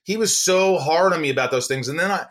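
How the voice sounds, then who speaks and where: A man raised in Indiana, a podcast guest telling lively personal stories in casual chat and acting out the voices of the people in them. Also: fairly high pitch, brisk. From United States, raised in Indiana. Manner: animated storyteller, acts out voices in his anecdotes.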